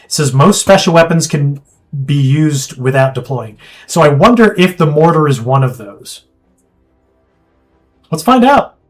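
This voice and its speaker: A man streaming a strategy game, chatting casually and thinking aloud with quick asides. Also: a little high, expressive, soft background music. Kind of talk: casual gameplay chat.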